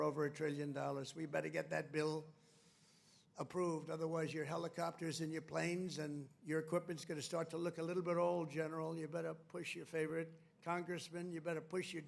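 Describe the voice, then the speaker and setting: A man's voice: on the high side, creaky. An older man giving a rambling, boastful political speech from a podium, repeating himself and drifting into asides. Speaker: speaker at a military base.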